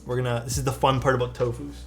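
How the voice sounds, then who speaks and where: A man's voice: medium pitch, flat delivery, rapid-fire. A young man on a live stream, chatting casually with his viewers while he works on a keyboard, talking loosely with lots of fillers. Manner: chatty, answers chat while working, loose filler-heavy talk. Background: faint music.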